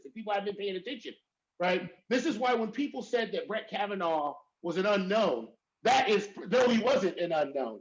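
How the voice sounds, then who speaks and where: A man speaking as a professor on a panel, talking emphatically and checking in with "right?" again and again. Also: high voice. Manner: emphatic, repeats "right?" often. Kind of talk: panel discussion. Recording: dull lo-fi audio.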